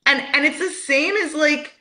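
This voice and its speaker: A woman giving political commentary in a fast, animated way, full of "like". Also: sits high.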